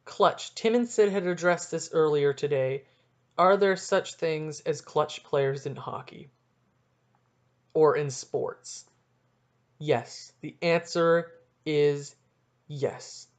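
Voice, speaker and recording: A young man hosting a solo sports podcast, ranting excitably and cutting himself off mid-sentence. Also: on the high side, slow pace. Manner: excitable, ranting, self-interrupting. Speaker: podcast host.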